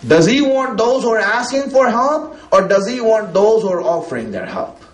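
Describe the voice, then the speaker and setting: High-voiced man preaching in an echoey room. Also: sing-song, normal speed. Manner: conversational, many fillers, asks the listeners questions. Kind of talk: religious talk to a gathering. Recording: roomy echo.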